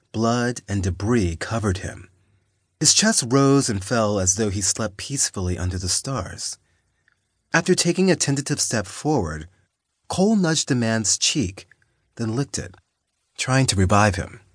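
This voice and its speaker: A man with a fairly low voice narrates an audiobook, reading a scripted story in a steady, measured way. The recording is dry and studio-clean.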